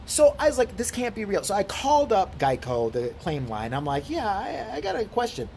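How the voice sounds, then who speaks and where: At normal speed and in a mid-range voice, a woman vlogger rants indignantly through a story, cursing and telling it with animation. A little hiss or hum can be heard.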